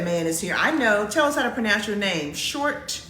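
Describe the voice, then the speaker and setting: A woman's voice: mid-range voice, expressive, normal speed, a bit bright, echoey room, slight background noise. A woman co-hosting a livestream, talking playfully in casual chat and laughing a lot. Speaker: co-host of a livestream. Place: home.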